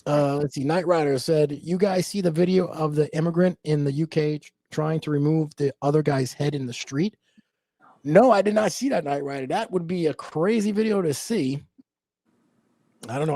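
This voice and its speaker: Fast-talking easygoing male podcast host. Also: fairly high pitch, dark tone, no room sound. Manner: easygoing, agreeable, many short acknowledgements. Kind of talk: casual chat, reading viewer comments.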